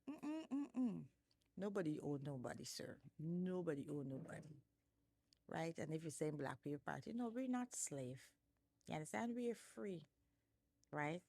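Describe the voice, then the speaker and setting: A woman's voice: on the low side, vocal fry, a little mellow, dry recording. A woman with a Guyanese accent hosting her own vlog, giving casual political commentary in an emphatic way, repeating rhetorical questions and often chuckling. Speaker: show host.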